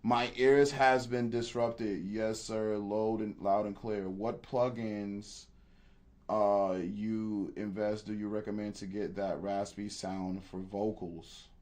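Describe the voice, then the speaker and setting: Speaking slowly in a lowish, steady, darkish voice, a man gives a relaxed livestream tutorial from his home music studio. The beat producer fields chat questions in slang and talks right to his viewers.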